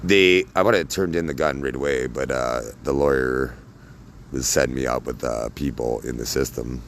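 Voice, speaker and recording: A man talking casually to camera in a rambling, halting monologue full of fillers and tag questions. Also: very deep voice, steady tone, a little hiss or hum. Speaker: vlogger.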